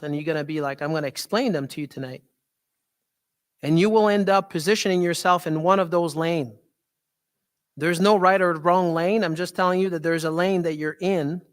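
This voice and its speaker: A man with a French Canadian accent, a holistic health doctor giving a live talk to an audience, animated and often asking "right?". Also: sits high.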